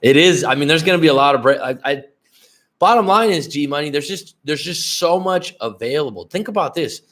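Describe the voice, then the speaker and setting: A man's voice: a little high, expressive, brisk, a bit bright. A middle-aged man talks through a casual dating-coaching livestream in a blunt, profane way. He rambles, restarts his sentences and calls out to viewers in the chat by name.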